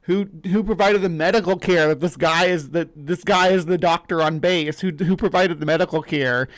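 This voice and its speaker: Guy hosting a livestream, kinda high voice, rambly, keeps questioning everything out loud. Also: normal speed. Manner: incredulous, rambling, thinks out loud. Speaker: host. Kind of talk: casual live-stream commentary.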